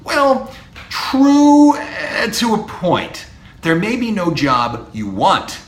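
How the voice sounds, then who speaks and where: A middle-aged university professor delivers an emphatic podcast monologue to students, occasionally imitating how they might answer. His voice is fairly high and fairly bright, swinging widely in pitch as he speaks slowly, and the room sounds echoey with faint ambience.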